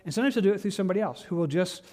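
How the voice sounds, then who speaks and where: A man's voice: high voice, expressive, very fast, a little mellow. A man teaching a Bible study as a pastor, talking in a conversational way with frequent restarts.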